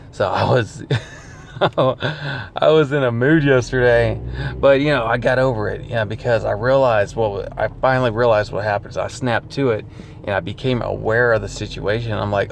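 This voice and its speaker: A man's voice: mid-range voice, fairly even intonation, normal speed, vocal fry, a little hiss or hum. A man talking casually to camera in a rambling, self-deprecating vlog, laughing often. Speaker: vlogger.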